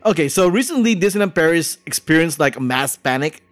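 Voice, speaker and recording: A man's voice: on the high side, expressive, a little fast. A man hosting a podcast in casual chat, rambling with lots of fillers. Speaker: podcast host.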